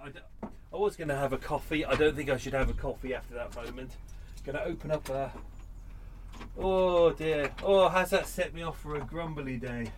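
A British man chatting casually at home on an unedited podcast, a touch high-pitched. He rambles, grumbles and cuts himself off mid-sentence. He sounds shaken and short of breath. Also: normal speed, a little hiss or hum. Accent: British English. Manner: rambling, grumbling, self-interrupting. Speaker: podcast host. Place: home room.

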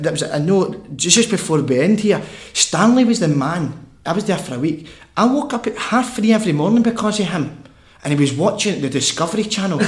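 A man's voice: high voice, a bit bright. A Scottish man telling a funny story as a podcast guest, laughing and swearing as he goes. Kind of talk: casual storytelling.

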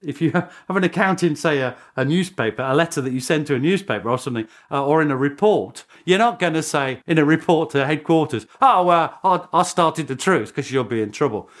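British male historian, lively chuckling storyteller, slightly high. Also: fast, few pauses. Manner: animated storytelling with chuckling asides. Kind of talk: documentary interview.

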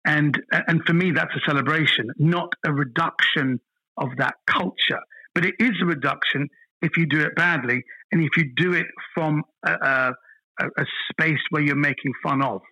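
A man, a guest on a casual podcast, tells stories with animated energy. His voice is bright and forward, with a husky edge, set a little high for a man. The recording is dry and close. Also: moderate pace, no echo, highs cut off. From London, England. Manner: animated storyteller, repeats words when starting a thought. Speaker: guest comedian.

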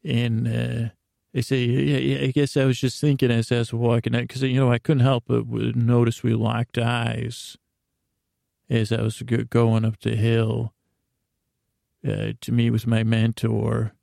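A man telling a rambling comedic story in a deadpan, awkward way, stammering and correcting himself often. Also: mid-range voice, a little slow, vocal fry, no room sound, studio quality. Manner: stammering, with many restarts and self-corrections.

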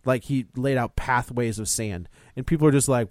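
A man's voice: medium pitch, normal speed, no room sound, clean studio sound. A man co-hosting a casual podcast who retells a film scene by scene and acts out the reactions. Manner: animated storytelling, acts out reactions. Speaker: podcast co-host. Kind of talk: casual chat, recapping a film.

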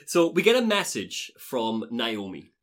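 A man's voice: medium pitch, huge pitch swings, a little slow, a bit bright. A man hosting a podcast, recapping a story in casual chat and swearing freely. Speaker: podcast host recapping game lore.

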